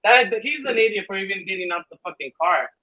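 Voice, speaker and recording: Blunt high-voiced man, lo-fi audio. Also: expressive, fast. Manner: laid-back, blunt, swears casually. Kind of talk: casual chat.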